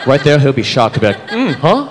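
On stage at a comedy club, a thirtysomething comedian talks fast in a mid-range voice, slipping into put-on voices as he animatedly plays his characters. Crowd noise fills the live hall recording, and the audience laughs in the background.

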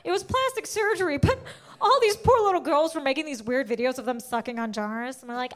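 Woman, stand-up comic, high voice, animated, loud acted-out bits. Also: a little fast. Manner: animated storytelling, loud bursts when acting out scenes. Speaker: stand-up comedian. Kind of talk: stand-up comedy set.

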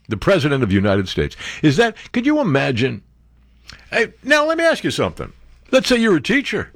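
A man's voice: on the high side, fairly bright tone, no echo, clean studio sound. A man hosting a talk radio show, ranting sarcastically and mocking others with impressions.

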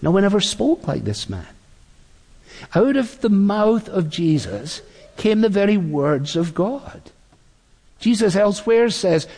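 A man preaching a sermon in a measured, deliberate way, acting out the quotes he reads. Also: sits high, darkish tone. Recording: long reverb of a large hall.

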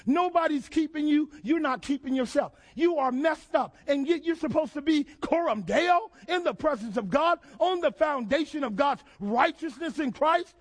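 High-voiced man preaching with fervor. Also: animated, normal speed, hardly any pauses. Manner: call-and-response preaching, rising to shouts; repetitive, rhythmic emphasis. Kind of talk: sermon.

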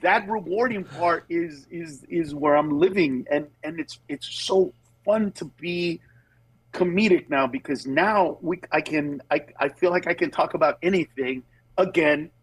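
A middle-aged man talks over a phone line as a guest comedian, his voice slightly husky and pitched fairly high. He tells stories in an animated way, slipping into other people's voices as he goes. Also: measured pace. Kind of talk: casual radio interview by phone. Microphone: phone with Bluetooth.

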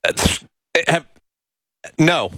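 A man's voice: very slow, pushed and bright, no echo. A man co-hosting a commentary stream, chiming in with wry asides. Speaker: co-host. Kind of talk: casual commentary chat.

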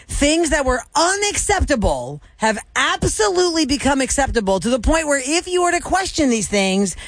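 A woman hosting a morning radio show, bantering with her co-hosts, teasing them and moving each segment along briskly. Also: on the high side, dry recording. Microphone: studio microphone.

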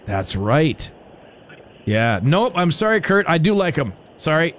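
A man's voice: on the high side, sing-song, measured pace, a bit bright, a little hiss or hum. A man hosting a radio talk show, chatting in a rambling, opinionated way full of fillers and restarts.

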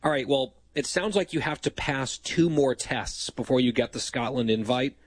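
A man's voice: medium pitch, normal speed, dry recording. A man hosting a radio talk show, teasing his guest in a dry, casual way.

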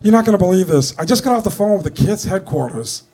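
A man putting on an excited, high-voiced producer. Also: fast talker, slightly rough. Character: excited radio show producer.

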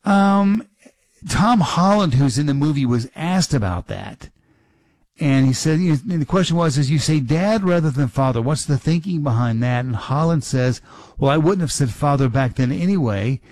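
A man's voice: fairly high pitch, lively intonation, normal speed, a little mellow, no room sound. A middle-aged man hosting a talk radio show, rambling casually with many restarts and fillers.

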